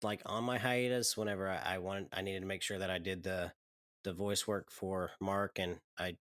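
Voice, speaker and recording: A man's voice: deep voice, steady tone, moderate pace, fairly bright tone, no room sound, clean studio sound. A man chatting as a podcast guest, hesitant and trailing off with frequent ums. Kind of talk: casual chat.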